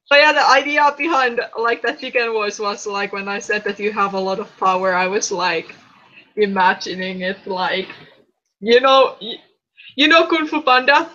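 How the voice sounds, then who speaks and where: A woman hosting a livestream in casual chat, playful, giggly and excitable. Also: mid-range voice, normal speed. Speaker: streamer host. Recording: dull lo-fi stream audio.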